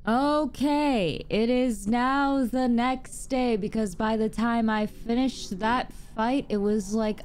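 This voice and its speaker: Young adult woman gamer, casual and profane, exasperated commentary, relaxed dark timbre. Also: low voice. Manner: exasperated, swears constantly. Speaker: let's play gamer.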